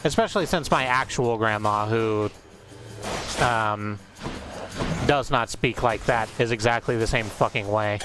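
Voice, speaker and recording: A man's voice: fairly low pitch, measured pace. A man streaming a game and chatting casually, thinking aloud with a wry manner. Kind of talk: casual gameplay commentary. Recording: game music behind.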